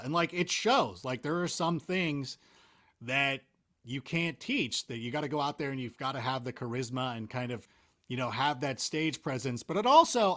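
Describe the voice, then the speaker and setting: A man chatting as a guest in a casual interview, with a fairly high voice that swoops up and down a lot. He rambles in an animated, self-mocking way, piling up "like" and restarts. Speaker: interview guest, NFL analyst.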